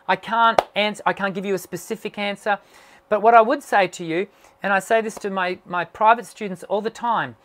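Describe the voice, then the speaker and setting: A man's voice: sits high, fairly bright tone. A middle-aged man, a voice teacher whose voice is strained as it recovers from dysphonia, answers questions in a live online session, explaining at length with many fillers and restarts.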